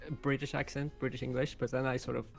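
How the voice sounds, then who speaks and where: A man co-host chatting casually and explaining things in a measured, precise way. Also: medium pitch, little pitch movement, creaky, soft background music. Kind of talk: casual chat.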